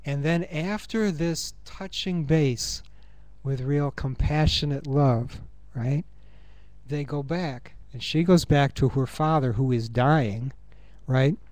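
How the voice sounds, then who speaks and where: A man giving a reflective conference talk, earnest and musing, thinking aloud with pauses. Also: fairly high pitch, a little mellow, no echo. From United States. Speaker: conference speaker. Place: university conference room.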